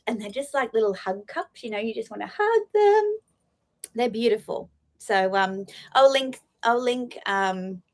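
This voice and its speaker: Gushing woman on a live stream. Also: mid-range voice. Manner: gushing and emotional, with frequent laughs and fillers. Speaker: luxury fashion vlogger hosting a live stream. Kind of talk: casual live-stream chat.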